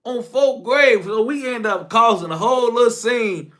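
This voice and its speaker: A man telling a casual story, slang-heavy and profane, jumping from shouted outbursts to low mumbled asides. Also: moderate pace.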